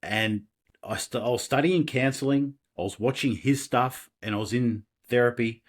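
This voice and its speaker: An Australian man, a podcast guest, telling personal stories in a casual, animated way with laughs and restarts. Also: mid-range voice, moderate pace. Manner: animated, laughing, self-deprecating, many restarts. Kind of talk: casual interview storytelling.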